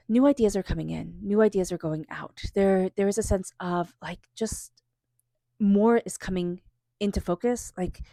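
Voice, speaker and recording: A woman giving a tarot reading. She moves from soft, meditative invocations into casual, filler-laden chat. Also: mid-range voice, no echo, clean studio sound. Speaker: tarot reader. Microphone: small microphone.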